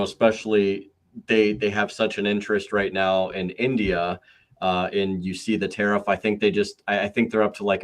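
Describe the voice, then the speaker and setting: A man hosting a podcast, talking casually and rambling with many fillers and restarts. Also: fairly low pitch. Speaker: podcast host.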